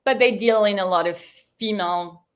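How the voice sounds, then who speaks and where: A woman's voice: mid-range voice, normal speed. Chatty woman. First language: French. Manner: chatty, rambling, with many fillers and restarts. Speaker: guest author. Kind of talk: livestream Q&A conversation.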